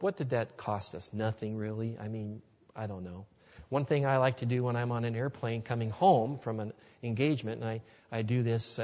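During a sermon before a live audience, a man with a darkish, medium-pitched voice tells earnest, folksy personal stories. This Christian speaker is captured in a dull, lo-fi recording in a hall full of reverb.

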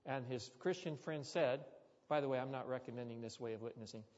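A man's voice: mid-range voice, a little fast, a little mellow. A man preaching a sermon, telling a story with chatty, joking asides to the congregation. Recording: dull sound with long hall reverb.

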